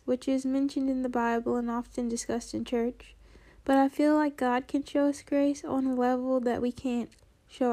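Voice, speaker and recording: A woman hosting a reflective solo podcast, a little nasal from allergies, speaking in a gentle, earnest way. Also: high-pitched. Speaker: podcast host.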